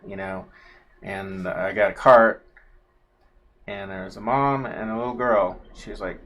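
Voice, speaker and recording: A man's voice: on the low side, fairly even intonation, unhurried, a bit bright. A man telling a long, casual story on a livestream, full of fillers and asides. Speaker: co-host, husband of the host.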